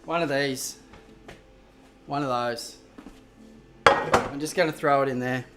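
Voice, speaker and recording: A man's voice: medium pitch, fairly even intonation, slow, background noise. An Australian man hosting a live cooking stream, chatting with viewers in a rambling, casual way and swearing freely as he cooks in a home kitchen. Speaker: cooking show host.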